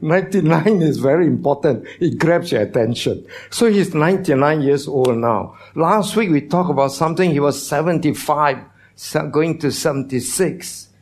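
A man's voice: on the high side, normal speed, few pauses, darkish tone. A man preaching a sermon as pastor, teaching, asking the congregation questions, with non-native phrasing.

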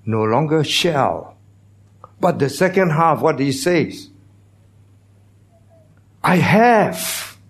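A man's voice: on the high side, animated, slow pace, husky. A man preaching a sermon as pastor, teaching, asking the congregation questions, with non-native phrasing.

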